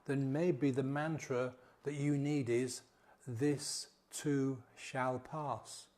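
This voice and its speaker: A middle-aged man, a coach, guiding listeners through a repeated mantra and then explaining it. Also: mid-range voice. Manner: slow, soft, repetitive guiding. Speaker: sobriety coach. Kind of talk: guided mantra meditation and talk.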